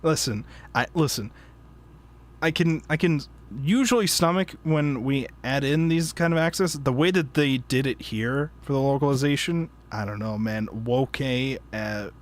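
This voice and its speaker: This man hosts a relaxed book club podcast at a normal speed, his pitch fairly high. His talk wanders, packed with fillers and laughter, and he often interrupts himself partway through a thought.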